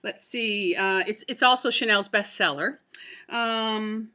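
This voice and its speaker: A woman's voice: medium pitch, takes it slowly, pushed and bright. A woman reviewing beauty products to camera in a casual, chatty way, with many fillers and restarts. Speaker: beauty vlogger.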